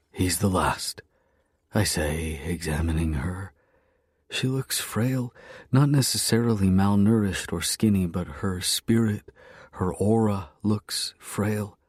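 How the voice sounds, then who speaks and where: A man narrating a romance story in the first person, with a low, brooding, intense delivery. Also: a little mellow, husky, no echo.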